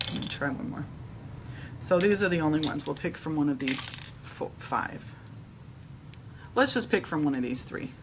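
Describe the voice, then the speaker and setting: A woman's voice: sits low, noisy background. A middle-aged woman chatting casually while doing her makeup, retelling an everyday run-in with quoted back-and-forth dialogue. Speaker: vlogger.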